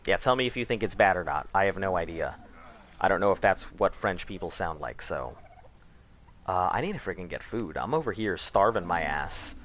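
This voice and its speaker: A man's voice: deep voice, expressive, moderate pace, a bit bright, slight background noise. A man streaming a video game, chatting in a laid-back, rambling way, swearing casually and answering chat. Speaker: gaming streamer.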